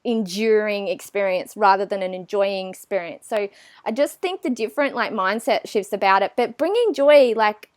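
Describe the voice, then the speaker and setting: A woman's voice: medium pitch, normal speed, dry recording. A woman, chatting animatedly as an interview guest and acting out her own thoughts. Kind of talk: casual interview chat.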